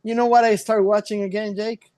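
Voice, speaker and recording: A man's voice: sits high, little pitch movement, a little fast, darkish tone, no room sound. Rambling podcast co-host man, dry sound. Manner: loose, rambling, playful, switches into Spanish. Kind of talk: casual chat.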